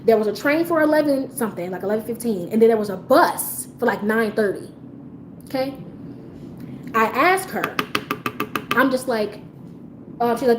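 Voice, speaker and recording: A woman with a fairly high voice chats to her live audience in a casual storytime. She is animated, swears freely and breaks into laughter. Her voice bounces around an echoey room, with a faint hiss of noise behind it. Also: moderate pace, long pauses. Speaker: livestream host telling a story.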